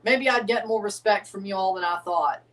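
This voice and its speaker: A man's voice: sits high, moderate pace, fairly bright tone. Guy rambling thru a live match watchalong, laughy casual drawl, kinda far off the mic. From United States. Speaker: streamer reacting to a match.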